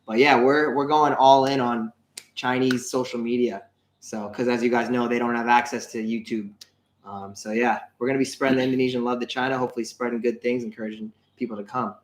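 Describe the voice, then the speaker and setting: A man's voice: medium pitch, flat delivery, brisk. A young man co-hosting a travel channel livestream, talking casually in a rambling, chatty way. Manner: chatty, rambling, many fillers and restarts. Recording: roomy echo.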